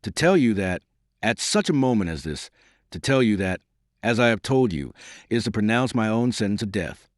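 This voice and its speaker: A wounded young nobleman in an audiobook, grave and bitter yet dignified, as a male narrator reads him. The voice sits low and moves expressively, recorded dry and close. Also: very animated, normal speed, dry recording. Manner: earnest, grave.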